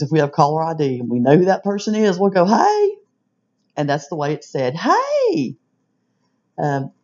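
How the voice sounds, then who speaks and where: A woman with a strong Southern US accent talks casually to her viewers, folksy and chatty, sometimes stretching out a greeting to show how it is said. Her voice sits low and mellow. The recording is a little dull and lo-fi. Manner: chatty, folksy, drawn-out "hey" demonstrations. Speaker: vlogger. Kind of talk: casual scripted vlog talk.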